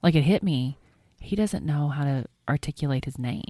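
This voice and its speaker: A woman's voice: low voice, moderate pace, dark tone, no echo, studio quality. Chatty woman podcast co-host. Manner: chatty, rambling storyteller, swears casually. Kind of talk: casual chat.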